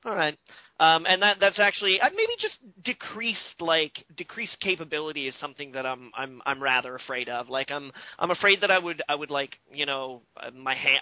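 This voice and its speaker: A man's voice: fairly high pitch, dry recording, muffled recording. A man co-hosting a podcast in casual chat, rambling and swearing freely with lots of fillers. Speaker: podcast co-host.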